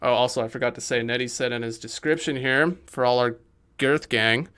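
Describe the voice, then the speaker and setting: A man's voice: medium pitch, brisk. A young American man streaming, chatting casually in a rambling, slangy way with loose swearing. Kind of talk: casual livestream chat. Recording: loud music playing under the voice. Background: loud electronic music.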